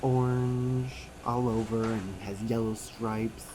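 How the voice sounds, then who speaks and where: A man voicing a signed personal story as an interpreter, animated and acting out the quotes and sounds. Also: medium pitch, slow pace, background noise. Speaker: sign-to-voice interpreter.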